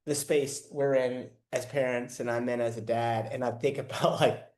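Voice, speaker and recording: A man hosts a casual podcast interview, speaking slowly in a reflective, halting way. His voice echoes in the room. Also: mid-range voice, level tone, a little mellow. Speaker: podcast host.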